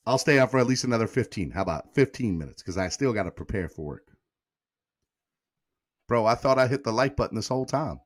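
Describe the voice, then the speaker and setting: On a live sports podcast stream, a Miami man with a Southern US accent chats easily, thanks donors by name, and fires up his chat. He speaks at a medium pitch, expressively and briskly.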